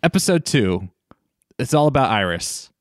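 A man co-hosting a podcast in casual chat, at an average pitch. He cracks wry, sarcastic jokes and swears offhandedly. The sound is dry and close. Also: sing-song, moderate pace, dry recording. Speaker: podcast co-host.

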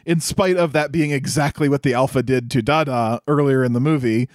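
A man's voice: mid-range voice, brisk, few pauses, a little mellow, no room sound, studio quality. A man co-hosting a podcast, casually recapping a movie, laughing often, swearing and acting out the characters' lines. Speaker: podcast co-host.

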